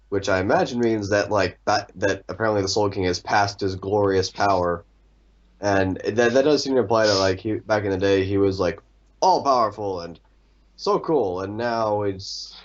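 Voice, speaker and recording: A man's voice: fairly low pitch, highs cut off. A man co-hosting a podcast, stammering and repeating words in casual discussion over a voice call. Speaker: podcast co-host. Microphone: computer mic over a voice call.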